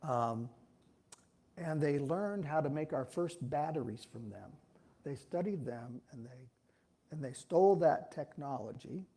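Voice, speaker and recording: A man's voice: on the high side, lively intonation, measured pace, mellow, slightly rough. A man giving an informal, folksy sermon at a church, talking in a rambling way with frequent restarts. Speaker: speaker giving a talk at a church.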